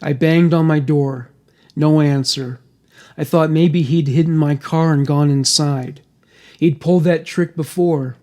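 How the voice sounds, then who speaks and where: Guy narrating a true crime tale, even scripted read, voice sits a bit high. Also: a little slow.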